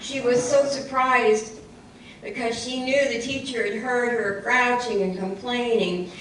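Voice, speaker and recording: A woman's voice: medium pitch, creaky, a little hiss or hum. Woman telling a church story to children. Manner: lively, expressive, repeats for emphasis. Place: church hall. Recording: echoey church hall from far off.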